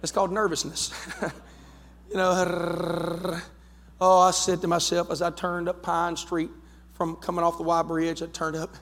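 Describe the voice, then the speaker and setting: A male pastor with an Ohio accent, preaching a fervent storytelling sermon that builds toward shouting. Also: on the high side, monotone, unhurried. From United States. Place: church sanctuary. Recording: long church hall reverb.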